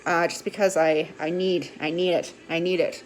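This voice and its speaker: A woman's voice: lowish voice, little pitch movement, normal speed. A woman talking candidly in a casual rambling monologue, full of fillers and restarts, with occasional swearing and a tearful edge. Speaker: vlogger sharing her recovery.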